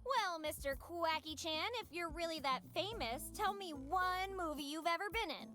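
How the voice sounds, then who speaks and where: High sarcastic young woman in a game. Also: sharp tone, soft background music. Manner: sarcastic, exasperated, quick-witted. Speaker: game protagonist. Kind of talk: voiced game dialogue.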